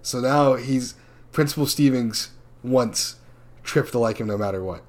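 A man chatting casually and animatedly as he retells a movie plot, slipping into quick character voices. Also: medium pitch. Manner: animated storyteller who slips into character voices and laughs often.

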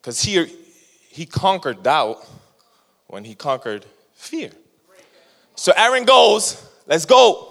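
Animated man preaching in a reverberant hall. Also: on the high side, takes it slowly, gravelly, long pauses. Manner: animated, laughing storyteller who acts out quotes. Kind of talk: storytelling sermon.

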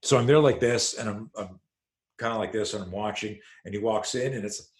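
In an interview, a middle-aged man who teaches self-defense shares a story in a voice on the low side, speaking a little fast. He curses freely and brings the scenes to life by acting them out with animated energy.

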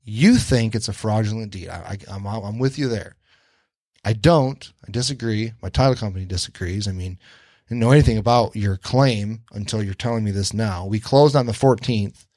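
A man hosts a podcast and tells a story in a loose, casual way, acting out what each person said and swearing freely. His voice sits somewhat low. The recording is dry and close, with no room sound. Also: moderate pace, a little mellow, no echo. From Detroit area. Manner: swears freely, acts out quoted dialogue. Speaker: podcast host.

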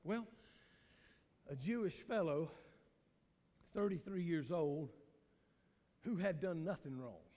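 A man with a Southern US accent, a pastor preaching a sermon in a church, swinging from loud shouts to hushed low tones. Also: lively intonation, slow pace, pauses often, big-room sound. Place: church sanctuary.

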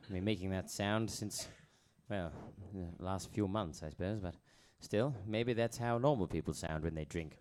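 Guy doing a mumbly low-voiced clueless spy, rambling to himself. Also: normal speed, few pauses, a little mellow, natural voice. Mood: muttering. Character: inept male spy, tipsy and rambling.

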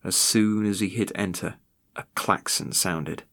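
A man's voice: low-pitched, a little slow, gravelly, heavy background noise. A man narrating a first-person horror story in a tense, grim way. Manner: tense, rising to frantic in moments of terror.

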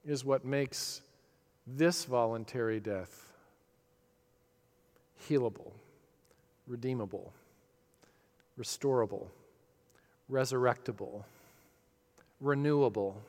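A middle-aged man preaching a sermon, earnest and reflective, his voice swelling with feeling and then dropping soft. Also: medium pitch, slow, long pauses, in a large hall. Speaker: pastor.

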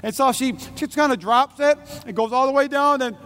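A man's voice: very high voice, fairly quick, sharp tone. A man pastor giving a humorous sermon to a church audience, telling playful stories and often checking in with the crowd. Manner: playful storytelling, frequent audience check-ins. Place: church service.

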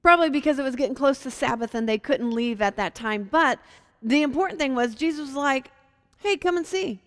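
A woman from Virginia teaching a Bible passage in a casual, animated way, acting out the quotes in lively voices. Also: sits high, fairly quick, long reverb tail. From Hampton, Virginia.

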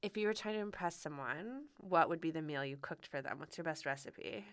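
A woman's voice: deep voice, fairly quick, no room sound, studio quality. A woman co-hosting a podcast, chatting casually and gushing enthusiastically about food. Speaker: podcast co-host. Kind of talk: casual chat.

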